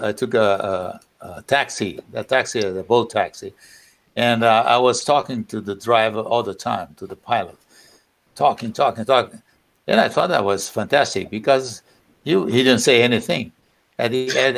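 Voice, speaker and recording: A man chats over a video call, recounting a travel mishap. His voice is mid-pitched with a rough, gravelly texture, and he repeats words as he goes. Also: a bit bright. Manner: anecdotal, repeating words as he tells a story. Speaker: guest. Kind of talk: casual live chat.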